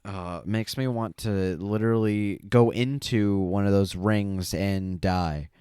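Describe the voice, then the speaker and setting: A man's voice: on the low side, fairly even intonation, takes it slowly, dark tone, clean tone, dry recording. A young man co-hosting a podcast, chatting casually and rambling with lots of fillers. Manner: rambling, frequent fillers and laughs. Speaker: podcast co-host. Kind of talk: casual chat.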